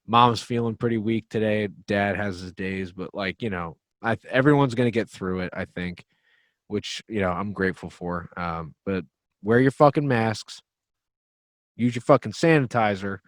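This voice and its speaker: A man's voice: lowish voice, moderate pace, no room sound. Blunt, foul-mouthed male musician guest. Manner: blunt, profane, joking. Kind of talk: casual podcast chat.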